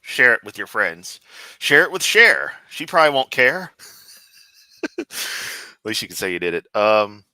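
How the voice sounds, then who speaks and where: Bright, sarcastic Southern man streaming. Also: lowish voice, sing-song, a little slow, pauses often, dry recording. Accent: Southern US (Memphis). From Memphis. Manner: sarcastic, goofy, profane. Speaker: streamer host. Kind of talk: casual livestream commentary.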